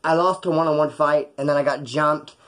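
Speaking fairly fast in a slightly high voice, a man from California tells crude, lively tales from prison. Cramped in a small hot room, he acts out each character he quotes.

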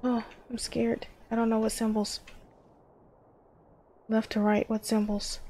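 Slow gravelly woman gaming. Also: a little high, level tone, warm tone, slight background noise. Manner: jumpy, talks to herself, exclaims often. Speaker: gamer. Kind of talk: horror let's play commentary.

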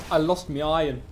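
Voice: mid-range voice, slight background noise. Wildly swooping, jumpy gamer. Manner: excitable, jumpy, taunts enemies in the game. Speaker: gaming streamer. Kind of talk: let's play commentary.

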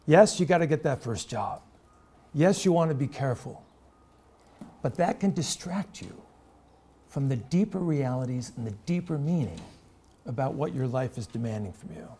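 A man's voice: mid-range voice, expressive, normal speed, pauses often, dark tone, husky. A middle-aged man from the United States, giving a university talk to students in an earnest, storytelling way with direct questions to the audience. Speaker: lecturer. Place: lecture room.

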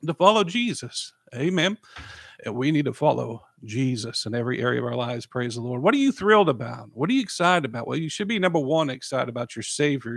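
A man's voice: mid-range voice, gravelly, sharp tone, no echo, studio quality. A man, a pastor talking on his podcast and praying, emotional and often repeating praise. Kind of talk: podcast sermon and prayer.

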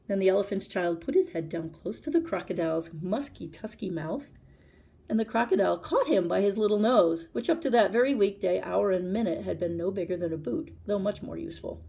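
A woman librarian reads a storybook aloud with lively expression, speaking straight to her young listeners. Her voice has a gravelly, husky grain at a middle pitch. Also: brisk. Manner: expressive, addresses listener directly. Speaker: librarian reading to children.

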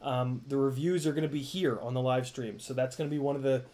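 A man's voice: mid-range voice, fairly even intonation, fast, warm tone. A young man hosting a casual live stream, rambling with lots of fillers and restarts, swearing now and then while thanking viewers. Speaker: live-stream host reading donations.

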